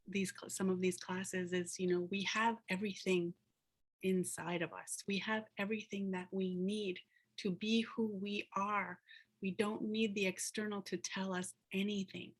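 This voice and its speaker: A woman giving a casual storytelling talk as a guest speaker and planner, filling with "like" and "you know", heard over a video call. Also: medium pitch.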